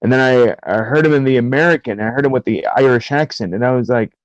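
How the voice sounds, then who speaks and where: A man co-hosts a podcast in easygoing conversation, often pausing on "uh" and restarting his sentences. His voice has an ordinary pitch, and the recording is dry and close. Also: no room sound, muffled recording. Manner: hesitant, many "uh" and restarts. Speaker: podcast co-host. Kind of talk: casual chat.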